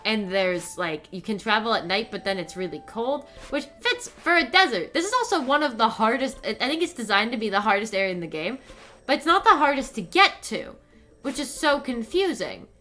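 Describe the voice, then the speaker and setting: A young woman streamer ranting in casual commentary, animated and profane, with lots of fillers. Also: on the high side, brisk, soft background music.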